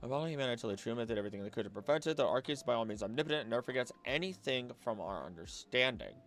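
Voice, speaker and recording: A young man on a relaxed late-night stream, chatting at a middle pitch and musing aloud. He wanders off topic and restarts his sentences often. Soft music plays quietly behind him. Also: very fast. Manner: rambling, easily distracted, musing aloud with many restarts.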